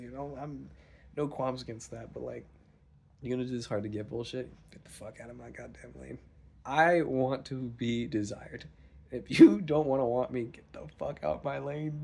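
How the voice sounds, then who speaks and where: Young man, gravelly voice, mid pitch, swearing a lot, rambling casual vlog storytelling. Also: a little hiss or hum. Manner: profane, rambling, animated storytelling. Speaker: vlogger.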